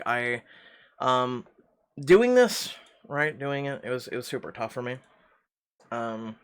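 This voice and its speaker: A man's voice: mid-range voice, vocal fry, a bit bright. A man who reads story games aloud and then talks casually, hesitant and full of fillers when off script. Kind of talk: story narration and casual outro chat.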